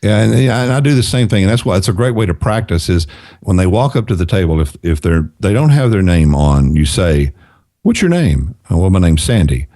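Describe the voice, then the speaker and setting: A man's voice: deep voice, lively intonation, fairly quick, warm tone, no room sound, clean studio sound. A middle-aged man who is a guest on a podcast, giving earnest advice in casual conversation and repeating phrases for emphasis.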